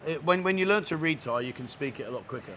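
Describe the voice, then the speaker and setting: A man's voice: fairly high pitch, expressive, fast talker, bright, forceful tone, a little hiss or hum. Cheeky London man chatting in a bar. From London, England. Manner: cheeky, teasing banter. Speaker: interviewer. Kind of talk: casual chatty interview.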